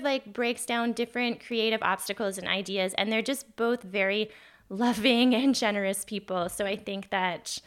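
A woman in her thirties hosts her own podcast alone, talking straight to the listener. She is chatty and earnest, often saying "like" and correcting herself as she goes. Her voice sits at an ordinary middle pitch. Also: a bit bright. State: briefly emotional, voice catching. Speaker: podcast host. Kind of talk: solo podcast monologue.

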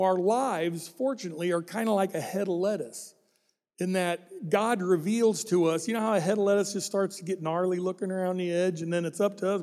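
A man's voice: high-pitched, a little mellow, long reverb tail. A middle-aged male pastor preaching a sermon with a folksy, joking manner and asides to the congregation.

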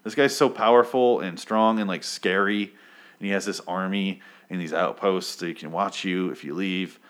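A man with a somewhat low voice talks through a story recap in a loose, rambling rant. He swears constantly, trips over his own sentences and restarts them, and gets carried away with excitement. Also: moderate pace. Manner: rambling, excitable, swears freely, self-interrupting. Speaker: comic book recap host. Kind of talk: casual profane recap rant.

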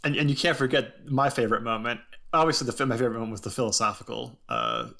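A man's voice: mid-range voice, expressive, fast, creaky, pushed and bright. A man hosting a casual podcast chat, telling a long story in a rambling way with lots of ums and frequent laughs. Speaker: podcast host.

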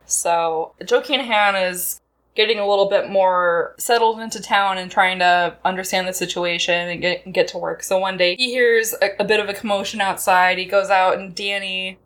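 A woman's voice: medium pitch, steady tone, normal speed, a bit bright. Chatty woman podcast host. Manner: chatty, laughs often, acts out quotes in voices. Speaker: podcast co-host recapping a film. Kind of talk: casual chat.

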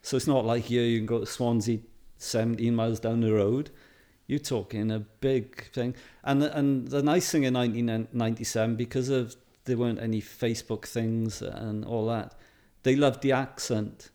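A man's voice: medium pitch, steady tone, normal speed, hardly any pauses, warm tone. A middle-aged Welsh man, a photographer, chatting in an interview and telling stories with fillers and frequent laughs. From Wales. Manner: chatty, anecdotal, laughs often, many fillers. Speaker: photographer guest. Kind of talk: casual interview chat.

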